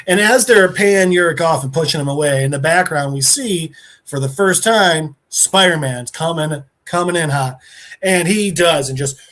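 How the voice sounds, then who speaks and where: Profane animated podcast host. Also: male voice, a little high, normal speed. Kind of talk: casual recap chat.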